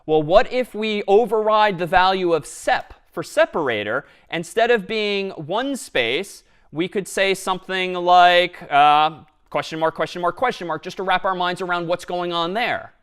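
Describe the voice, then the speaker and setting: A man giving a university programming lecture, explaining live code step by step in a lively, engaged way. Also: high-pitched, measured pace, hardly any pauses, smooth.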